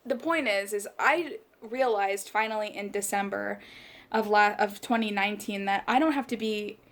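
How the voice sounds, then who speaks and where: A woman in her late twenties, hosting a casual life-chat podcast. She rambles in a passionate way, strings thoughts together with plenty of "like" fillers, and speeds up when she gets excited. Her pitch sits in a middle range for a woman. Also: normal speed. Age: late 20s. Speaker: podcast host.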